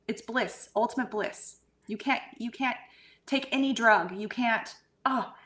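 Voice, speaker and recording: Woman on a call, gushy and excited about energy, chatty. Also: mid-range voice. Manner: effusive, gushing about energy. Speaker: guest medium. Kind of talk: casual podcast chat.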